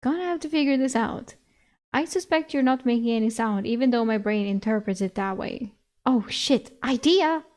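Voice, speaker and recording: A woman's voice: fairly high pitch, expressive, moderate pace, darkish tone, lightly acted. A woman voicing an exasperated young heroine in a novel she reads aloud, firing off incredulous retorts. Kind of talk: reading a novel aloud with voices.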